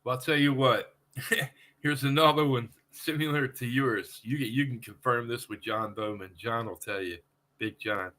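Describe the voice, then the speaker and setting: A man hosting a podcast, asking questions and telling his own story in a relaxed, conversational way. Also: medium pitch, moderate pace. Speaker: podcast host. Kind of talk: casual podcast chat.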